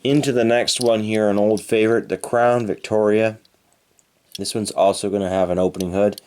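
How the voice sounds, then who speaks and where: A man's voice: lowish voice, level tone, normal speed, a little mellow, smooth. A man from Canada narrating an unboxing of die-cast toy cars with enthusiastic, playful exclamations. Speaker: toy car reviewer.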